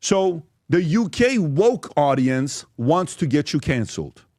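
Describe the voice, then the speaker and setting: A man's voice: fairly high pitch, very animated, slow pace, darkish tone, no room sound, studio quality. A man hosting a podcast, talking through posts and questions in an emphatic way, often checking in with "okay?". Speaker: podcast host. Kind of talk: talking through social media posts on a show.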